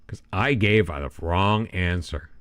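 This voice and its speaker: A man's voice: deep voice, takes it slowly, fairly bright tone, no echo. A man hosting a gaming channel, giving rambling, self-deprecating commentary as he plays and talks to himself. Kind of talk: casual gameplay commentary.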